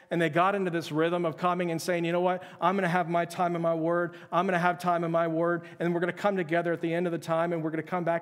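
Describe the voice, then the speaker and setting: A male pastor delivers a live sermon in a church sanctuary, his slightly high voice carrying a long hall reverb. He presses his points earnestly and circles back to the same questions. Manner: earnest, repeats questions for emphasis.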